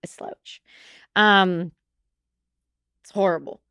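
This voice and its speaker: A woman guest on a podcast, telling a personal story in an animated way with laughter and casual swearing. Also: lowish voice, slow, smooth, no room sound, studio quality.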